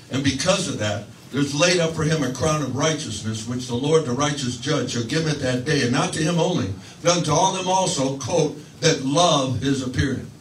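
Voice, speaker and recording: A man's voice: on the high side, echoey room, recorded from a distance, a little hiss or hum, low-quality recording. A man preaching a sermon, telling a story in a conversational way with restarts and fillers, acting out quoted voices. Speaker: pastor.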